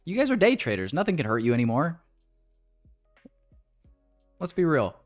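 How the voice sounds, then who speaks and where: A man's voice: fairly high pitch, huge pitch swings, moderate pace, soft background music. Joking, profane day-trading streamer man. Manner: joking, profane banter with chat. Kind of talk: casual live-stream chat while trading.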